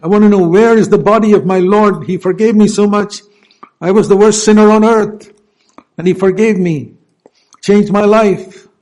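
A man's voice: high voice, steady tone, moderate pace, darkish tone, pitched above the performer's own voice, close to an everyday voice. A male preacher voicing a grieving, devoted woman who pleads to find her lord's body, in earnest tones within a sermon. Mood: pleading.

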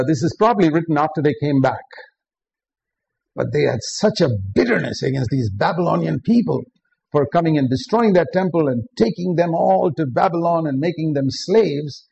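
A man's voice: fairly high pitch, vocal fry, darkish tone, husky. A man preaching a sermon, earnest and direct, often putting questions to the listeners. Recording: dull lo-fi recording with faint background noise.

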